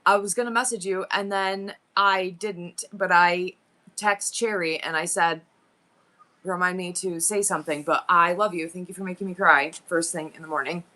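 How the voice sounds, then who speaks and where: A woman live-streaming to her viewers, chatting casually and excitedly as she thinks aloud through her numbers and goals. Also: fairly low pitch, normal speed.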